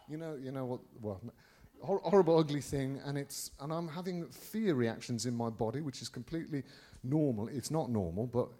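A middle-aged Englishman preaching by telling a personal story, rambling with many restarts and sudden jumps in loudness. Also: mid-range voice. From England. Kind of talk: anecdotal preaching to a congregation.

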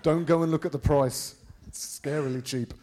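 A middle-aged Englishman preaching by telling a personal story, rambling with many restarts and sudden jumps in loudness. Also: on the high side, steady tone, normal speed. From England. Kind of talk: anecdotal preaching to a congregation.

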